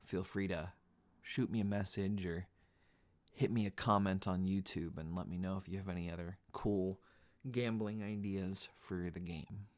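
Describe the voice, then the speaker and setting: Deep-voiced man giving casual commentary. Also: steady tone, moderate pace, darkish tone. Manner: casual, explanatory, some fillers. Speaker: game master giving commentary. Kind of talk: recorded commentary.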